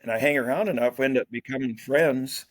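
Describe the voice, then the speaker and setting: A man's voice: mid-range voice, fast talker. An older man chatting casually, rambling through old memories. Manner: rambling, reminiscing. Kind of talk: casual chat.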